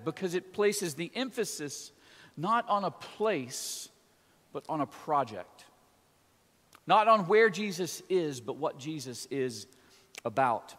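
Preacher, male, slightly high voice, chatty sermon delivery with homey asides, echoing church hall. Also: fairly bright tone. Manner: conversational, with folksy asides. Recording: long church reverb.

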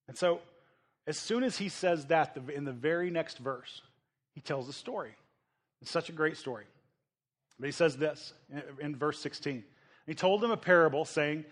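A man from the United States preaching a sermon as a pastor, animated, acting out the voices of people in his story. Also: a little high, normal speed.

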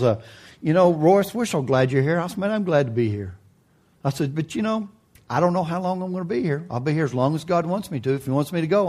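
A man pastor preaching a sermon in a folksy, joking way, his voice jumping high for emphasis. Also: a little mellow.

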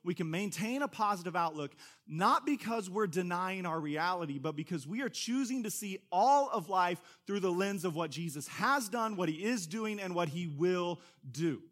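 A man preaching a sermon as a pastor in a conversational, animated way, with quick asides to the congregation. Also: high-pitched.

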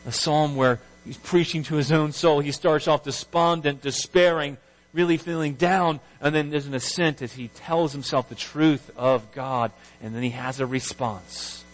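A man preaching a sermon as pastor, reading scripture aloud with rising emphasis and an expressive delivery. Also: a little high, normal speed, rough recording.

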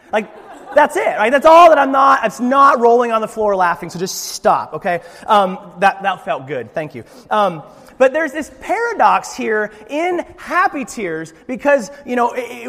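A young male pastor delivers a sermon with a high voice, joking and animated, often restarting his sentences. His voice rings with a long reverb, as in a church hall.

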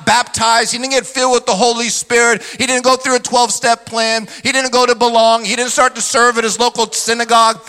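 A man's voice: extremely high pitch, pushed and bright. A male pastor preaching a sermon energetically, mimicking skeptics in mocking voices. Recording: long hall reverb.

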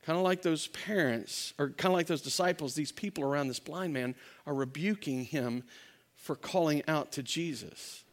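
A man's voice: fairly high pitch, normal speed. A male pastor preaching a sermon, telling a story with energy, acting out quotes and often restarting his sentences. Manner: animated storytelling, acts out quotes, frequent restarts.

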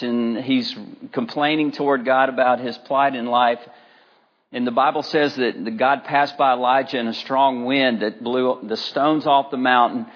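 A middle-aged man preaches to his congregation in a loose, chatty way, leaning on stories and filler words. His voice sits at an ordinary middle pitch. The recording is a little dull and muffled. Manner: conversational, anecdotal, with frequent fillers. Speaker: pastor. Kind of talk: sermon.

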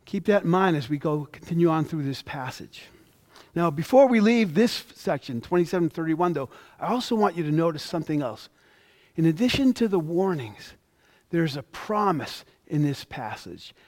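This male preacher's voice sits on the high side, with a darkish tone, and he keeps a moderate, expressive delivery. As he reads scripture aloud in the sermon, he lifts his voice emphatically on the quoted lines.

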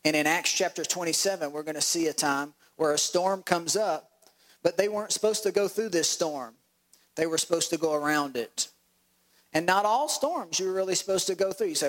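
Guy preaching, lively, slips into voices, bit higher pitched. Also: normal speed, rough recording. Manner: animated, acts out voices of disciples with laughs. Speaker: pastor. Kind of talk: sermon.

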